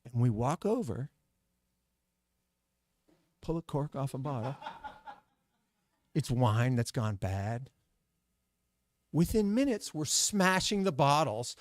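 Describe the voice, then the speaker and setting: A man's voice: medium pitch, expressive, slow pace, pauses often, dry recording. A middle-aged man telling a story to a live audience, acting out the voices and sound effects.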